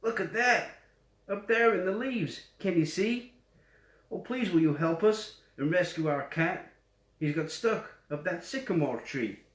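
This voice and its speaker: A man's voice: fairly high pitch, measured pace, pitched above the performer's own voice, close to an everyday voice. A man with a West Yorkshire accent putting on a raised voice for a group of pleading young children in a storybook. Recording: roomy echo.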